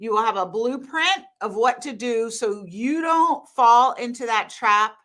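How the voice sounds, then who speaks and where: Woman, high voice, animated, blunt, casual live-stream chat. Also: unhurried. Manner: animated, laughing, blunt and emphatic. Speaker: hormone coach hosting a live stream.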